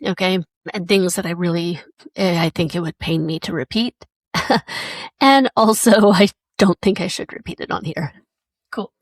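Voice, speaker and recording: A woman's voice: lowish voice, normal speed, no room sound. A woman hosting a solo podcast, telling a personal story in a chatty, emotional way. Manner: chatty and emotional, acts out quoted voices. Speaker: podcast host.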